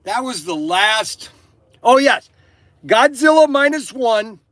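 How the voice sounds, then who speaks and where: A man's voice: very high-pitched, big pitch swings, slow, a bit bright, dry recording, clean studio sound. An older man who runs a toy shop talks to camera in a rambling, opinionated way, often laughing and restarting his sentences. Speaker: toy shop owner and channel host. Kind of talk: rambling casual monologue. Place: inside his store.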